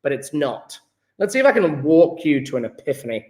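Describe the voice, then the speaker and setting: A male chemistry teacher, running a live online lesson, talking through ideas with restarts and drawn-out repeats. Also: fairly high pitch, very animated, warm tone, roomy sound. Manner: thinks aloud with restarts, drawn-out repetitions.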